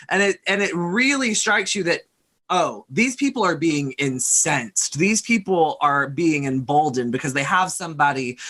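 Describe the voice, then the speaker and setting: A narrator of a tabletop role-playing game who speaks in an intense, indignant, halting way. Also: medium pitch, a bit bright.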